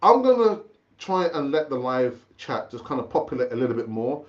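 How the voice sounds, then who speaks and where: A man's voice: medium pitch, big pitch swings, normal speed, dull audio. Chatty man hosting a live fan stream. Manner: chatty, repeats himself, calls viewers brother. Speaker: football fan channel host. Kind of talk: casual live stream chat.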